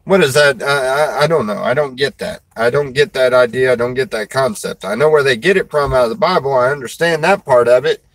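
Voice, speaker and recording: A man's voice: medium pitch, fairly quick, few pauses, dry recording, poor audio. A man, a preacher and show host, chatting casually in a folksy, rambling way and laughing often. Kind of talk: casual chat.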